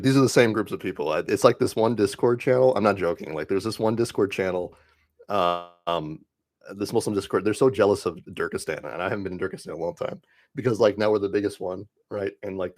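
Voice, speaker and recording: A young man live streaming, ranting casually to his chat in a rambling, dismissive way with lots of "like". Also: on the low side. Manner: rambling, heavy use of "like", dismissive.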